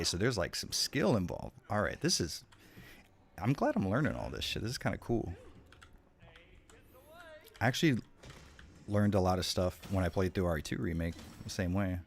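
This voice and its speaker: A young streamer narrates his horror gameplay live, swearing and jokingly taunting whatever attacks him with excitable energy. His low voice is gravelly and slightly fast, though he pauses often.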